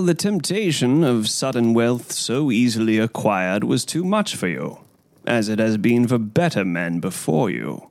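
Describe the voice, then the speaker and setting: A man reading an audiobook, voicing a stern, measured detective who lectures a suspect calmly. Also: medium pitch, dry recording. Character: stern, cool-headed male detective. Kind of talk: audiobook character voice.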